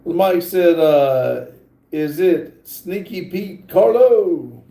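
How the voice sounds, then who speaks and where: A man chats casually on his livestream and reads viewer comments aloud, drawling with plenty of fillers. His voice sits high but sounds mellow and relaxed. The room around him is echoey. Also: very slow, vocal fry. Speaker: livestream host reading chat.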